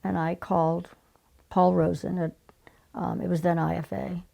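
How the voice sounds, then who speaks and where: An older woman telling stories as an interview guest, animated and conversational. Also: fairly low pitch, normal speed, vocal fry. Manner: animated, conversational, acts out remembered exchanges. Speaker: guest, former casting director. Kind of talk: storytelling in conversation.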